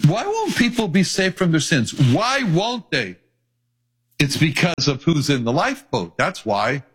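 A man's voice: on the high side, big pitch swings, measured pace, a bit bright, husky. A male pastor preaching an earnest sermon, reading scripture aloud.

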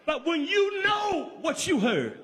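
A Southern man from Georgia preaches with a strikingly high, lively voice that swoops up and down. He repeats his phrases in rhythmic call-and-response and rises to ringing shouts. He speaks straight to his congregation. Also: slow, long reverb tail, a faint crowd, a little hiss or hum. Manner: talks directly to the congregation. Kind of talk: sermon.

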